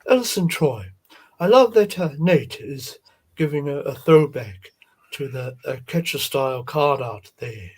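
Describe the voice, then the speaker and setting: A husky man hosts a relaxed live stream. His pitch wanders up and down as he rambles gently, stopping often on fillers and repeated words. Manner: halting, many fillers and repeats, gentle folksy tone. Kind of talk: casual chat about toy card art.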